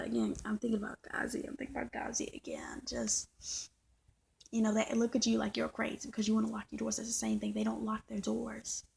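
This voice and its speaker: A woman's voice: a little high, gravelly, mellow, slight background noise, low-quality recording. A woman vlogging in a casual, emphatic monologue, repeating and circling back over her points. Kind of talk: casual ranting monologue to viewers.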